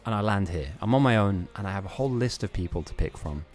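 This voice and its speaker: Low-voiced, rambling male streamer. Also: expressive, quick pace, darkish tone, faint music behind. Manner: rambling, self-mocking, laughs often. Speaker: streamer hosting a game tournament. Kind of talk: live-stream casual commentary.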